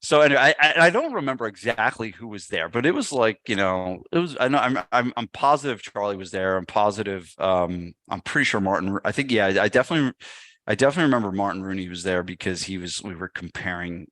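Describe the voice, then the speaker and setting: A man's voice: fairly low pitch, fast, dry recording. A man, a gym owner and podcast guest, telling a story casually and acting out what people said. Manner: animated, acts out quotes.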